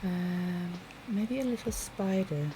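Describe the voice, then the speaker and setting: A sleepy woman streaming her drawing live, musing quietly to herself and greeting chat viewers. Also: lowish voice, lively intonation, slow, background noise. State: sleepy, yawning.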